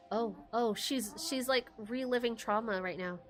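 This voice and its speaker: A woman streamer commenting on a game as she plays, thinking through her choices out loud. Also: fairly high pitch, normal speed, few pauses, soft background music.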